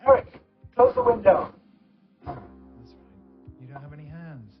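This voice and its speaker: A man's voice: fairly high pitch, huge pitch swings, unhurried, husky, heavily acted. An actor voicing a gloomy, self-loathing young man who talks sarcastically, often muttering to himself. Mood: sarcastic. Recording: dull lo-fi game audio over music.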